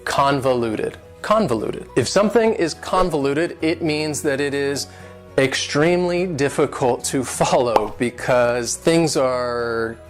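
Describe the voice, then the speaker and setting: A man's voice: a little high, a little slow, soft background music. A man teaching English vocabulary, patiently breaking words into syllables and stress. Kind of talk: vocabulary and pronunciation lesson.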